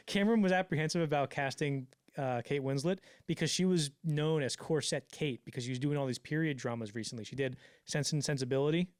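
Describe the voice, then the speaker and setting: A man telling a story on a casual podcast, swearing freely and acting out the quotes in quick put-on voices. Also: on the high side, no echo, studio quality. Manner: fast, profane, acts out quotes in voices. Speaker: podcast co-host.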